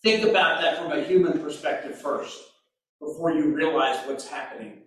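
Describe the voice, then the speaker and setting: A man preaching a sermon, slow and deliberate, with sudden emphatic bursts. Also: a little high, a bit bright. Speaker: pastor. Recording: very echoey room, mic far off.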